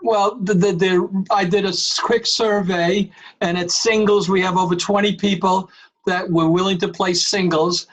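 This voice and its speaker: A man's voice: sits high, steady tone, normal speed, rough recording. A man chairing an online board meeting over a video call, emphatic and calling on members by name.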